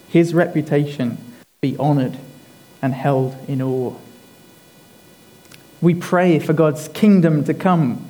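A male preacher delivering a sermon at an unhurried pace. His voice sits a little high for a man but has a soft, mellow tone. He leans on key phrases and repeats them for emphasis. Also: poor audio.

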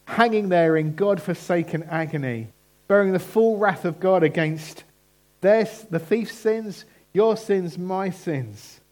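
A man preaching a sermon in a church, earnest and emphatic, slowing down on key phrases. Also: high-pitched, darkish tone.

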